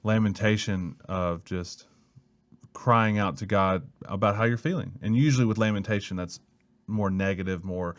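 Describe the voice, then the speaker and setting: A thoughtful man from Mississippi with a Southern American accent shares his views in a podcast conversation. His voice sits fairly low, and his delivery is measured. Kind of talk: casual faith discussion.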